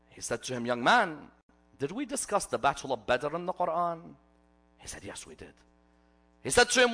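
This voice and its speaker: Man, preacher, sermon, dramatic storytelling, loud then hushed, animated pitch. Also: a little fast. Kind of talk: religious sermon. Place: majlis gathering hall.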